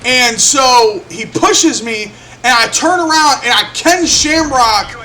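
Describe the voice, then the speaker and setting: High, bright-voiced young man telling a story. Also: slow. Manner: animated, profane, acts out quotes. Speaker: vlogger. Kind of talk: casual storytelling.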